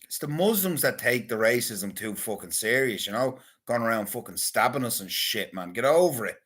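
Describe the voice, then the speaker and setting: A man with a husky, slightly rough voice rambles through a casual monologue to his viewers. His talk is crude and loose, full of swearing and offhand banter. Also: mid-range voice, animated, moderate pace, a bit bright. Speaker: vlogger.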